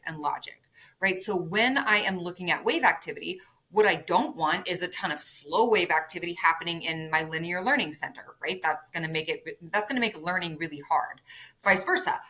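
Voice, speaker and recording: A woman guest in a podcast interview, explaining brain science in lively conversational talk, often checking in with "right?" and acting out quotes. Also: on the low side. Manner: animated, explains with everyday analogies, says "right?" often. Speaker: neurofeedback clinic executive, guest.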